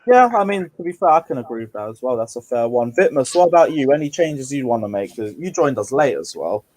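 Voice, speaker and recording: A man's voice: medium pitch, animated, fast, darkish tone. Chill guy hosting a group call, regular voice, keeps it moving. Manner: easygoing, moves things along. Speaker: host. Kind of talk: casual chat moderating a panel.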